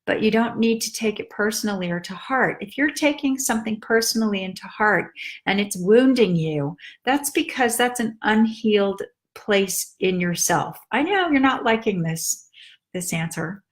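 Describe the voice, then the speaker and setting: A woman life coach giving casual advice in a calm, direct way, stretching words for emphasis. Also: medium pitch, normal speed.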